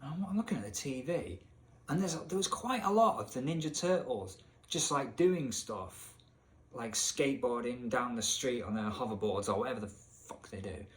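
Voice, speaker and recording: A man's voice: lively intonation, normal speed. Exasperated man ranting sarcastically. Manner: exasperated, sarcastic, swearing, rising pitch when incredulous. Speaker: video essay host. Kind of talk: comedic game rant commentary.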